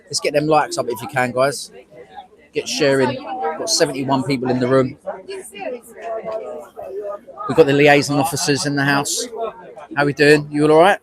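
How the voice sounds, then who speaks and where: A man's voice: medium pitch, flat delivery, a little fast, poor audio. An English man hosting a casual outdoor livestream, chatting and greeting viewers by name. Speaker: livestream host. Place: outdoors at a street protest. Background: crowd.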